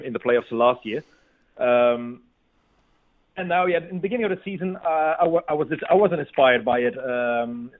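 A man from Belgium with a Flemish accent, Dutch his first language, joining a sports podcast as a guest and talking eagerly with halting restarts. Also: mid-range voice. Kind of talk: casual sports podcast chat. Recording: tinny phone-like line.

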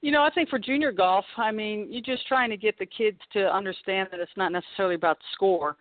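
A woman's voice: medium pitch, quick pace, no room sound. Woman in her fifties on a tinny phone line. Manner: chatty and relaxed, laughing often. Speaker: guest professional golfer. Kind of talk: casual phone-in radio interview.

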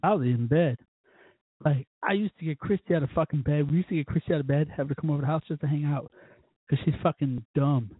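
A man hosting his own show, telling rambling, profane stories in a casual drunken way, with sudden loud bursts. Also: a little high, quick pace, husky, no room sound, phone-quality sound. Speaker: podcast host.

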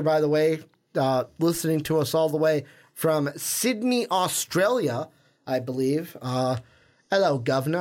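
A man's voice: mid-range voice, dark tone. A young man co-hosting a casual sports podcast, talking in a rambling, chatty way and often correcting himself. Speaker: podcast co-host.

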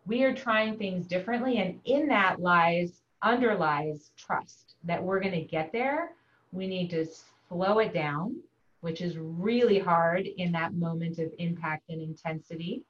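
A woman guest, a family doctor, speaking in a soft, reflective and measured way in calm conversation. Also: fairly low pitch, lo-fi sound. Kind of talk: calm conversational podcast talk.

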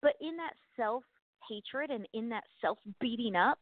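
Bubbly high-voiced woman on a thin line. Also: a little slow, no room sound, phone-quality sound. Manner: chatty, animated, self-deprecating with laughs. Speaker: podcast co-host. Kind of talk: casual faith chat.

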